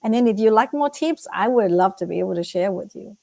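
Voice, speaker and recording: A middle-aged woman from Vietnam, a guest author and life coach, answering interview questions with animated, repeated motivational advice and acted-out quotes. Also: medium pitch, a little fast, vocal fry, no echo. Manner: animated, acts out quoted voices, repeats phrases for emphasis.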